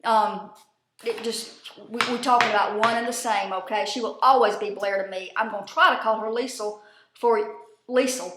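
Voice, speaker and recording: A bright, slightly high-voiced woman rambles through a reality-show recap, casual and swearing freely with folksy slang. Her voice rings out in an echoey room. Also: moderate pace.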